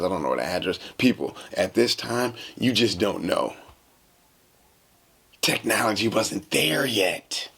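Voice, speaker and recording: A man hosting a podcast, telling a casual story in a slangy, animated way and acting out the dialogue. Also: on the low side, a little slow, creaky, breathy edge. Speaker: podcast host.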